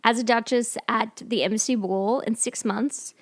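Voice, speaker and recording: Woman podcast cohost, bit high voice, giggly animated plot recap. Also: normal speed. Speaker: podcast co-host. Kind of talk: casual film recap chat. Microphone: podcast microphone.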